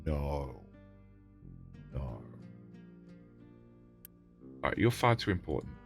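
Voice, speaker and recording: A man's voice: rumbling low, very animated, takes it slowly, creaky, faint music behind. A middle-aged man, live-streaming a game, bossing his in-game units about and bantering loosely with chat. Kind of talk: live gameplay stream, chatting with viewers.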